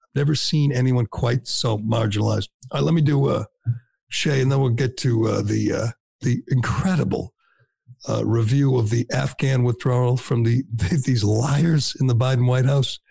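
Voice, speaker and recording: A man's voice: medium pitch, moderate pace, creaky, warm tone, husky, no room sound. A man hosting a talk radio show, delivering blunt, sarcastic, combative commentary.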